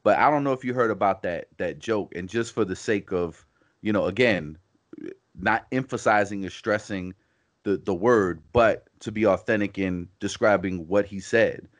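A man's voice: on the low side, normal speed. A man co-hosting a casual podcast, talking in long rambling runs full of "you know" and restarts. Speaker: podcast co-host. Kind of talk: casual conversational podcast chat.

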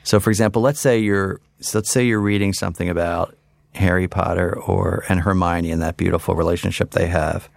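Male priest guest; very low, gravelly, thoughtful, dry close recording. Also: steady tone, a little fast, no echo. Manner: thoughtful, explains with examples. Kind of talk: casual podcast conversation.

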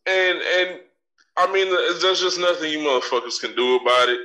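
A man's voice: fairly high pitch, steady tone, normal speed, bright, forceful tone. A man hosting a podcast, delivering a brash, profane, swaggering comedic rant. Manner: swaggering and profane, trash-talking. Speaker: podcast host. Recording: distant mic with faint crowd noise.

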